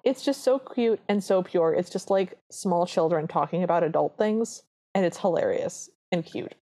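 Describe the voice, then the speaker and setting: A woman co-hosting a podcast, gushing as she retells a film in animated storytelling. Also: on the low side, normal speed. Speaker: podcast co-host. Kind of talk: casual film recap chat.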